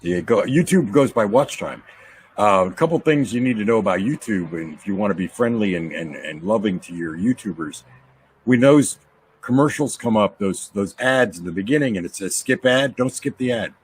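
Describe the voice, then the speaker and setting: A man's voice: on the low side, lively intonation, normal speed, a little hiss or hum. A man hosting a casual chat show, joking and rambling with a guest over a call. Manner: joking, rambling, laughs often. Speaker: host.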